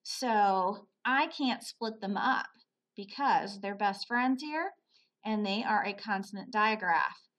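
A woman teaching a phonics lesson to children, sounding out words slowly, repeating them and praising often. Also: mid-range voice, a bit bright, highs cut off. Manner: slow, patient, repeats words aloud for pupils; praises often, asks questions and answers them.

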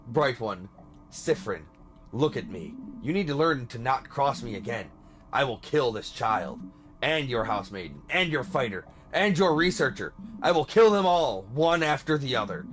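A man voicing a cruel, menacing male king who gloats in a low, slow, taunting voice. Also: sing-song, fairly bright tone, soft background music.

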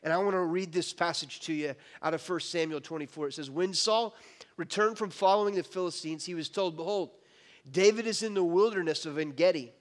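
A man's voice: sits high, brisk, long reverb tail. A man preaching a sermon as pastor, casual and joking, acting out the people in his story. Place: church hall.

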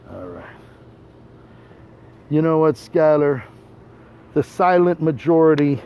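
Brash high-voiced tour guide on a boat. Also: male voice, dark tone. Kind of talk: boisterous teasing monologue. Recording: dull boat recording with motor noise.

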